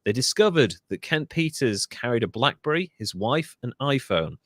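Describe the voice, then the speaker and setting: A man's voice: mid-range voice, no room sound. Welsh man telling a story, dry close sound. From Wales. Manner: reads a story aloud with asides and self-corrections. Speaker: podcast host. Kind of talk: casual storytelling podcast.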